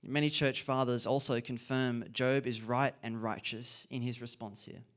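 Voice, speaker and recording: A man's voice: mid-range voice, level tone, normal speed, fairly bright tone. A man giving an earnest, reflective sermon and repeating key phrases for emphasis. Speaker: preacher.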